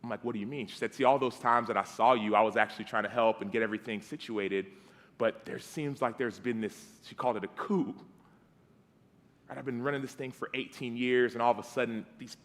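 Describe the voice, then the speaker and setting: A man's voice: medium pitch, steady tone, a little fast. Man preaching in a reverberant hall. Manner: conversational, acts out dialogue, drops to soft tones. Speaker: guest preacher. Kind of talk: storytelling sermon. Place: church sanctuary.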